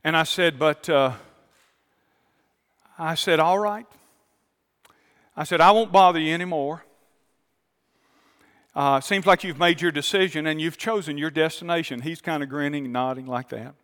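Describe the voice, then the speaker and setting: Preacher in a reverberant church. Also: male voice, on the high side, normal speed, pauses often, clean tone. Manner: storytelling preacher, calm then rising to fervent appeals. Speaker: pastor. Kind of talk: sermon. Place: large church auditorium.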